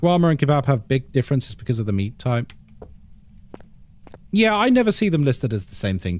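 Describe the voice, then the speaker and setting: A young man live-streaming a horror game, talking casually to his viewers. His voice swings up and down with animated intonation as he cracks playful jokes. The tone stays friendly and chatty throughout. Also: medium pitch, fairly quick, long pauses. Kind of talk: casual chat with chat while gaming.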